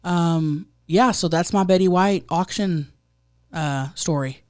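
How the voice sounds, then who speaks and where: A woman in her thirties co-hosting a podcast, chatting casually and telling a loud, animated story, with quick voices for the people she quotes. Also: lowish voice, no echo, clean studio sound. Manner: storytelling, quoting others in put-on voices. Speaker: podcast co-host. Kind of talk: casual chat.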